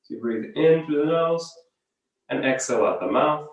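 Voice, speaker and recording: A man leading a guided breathing exercise as a yoga teacher, giving calm, unhurried step-by-step cues. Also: fairly high pitch, dull audio. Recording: very echoey room, voice from far off.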